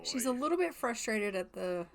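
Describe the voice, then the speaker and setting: A woman's voice: on the high side, animated, normal speed. A woman giving casual, chatty commentary on a life-simulation game, narrating what her characters do and playfully putting words in their mouths. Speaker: gaming channel host.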